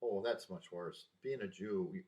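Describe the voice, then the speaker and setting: A man putting on the voice of a teasing Irish boss who jokes bluntly in quick jabs. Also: low-pitched, dark tone, distant mic, close to an everyday voice.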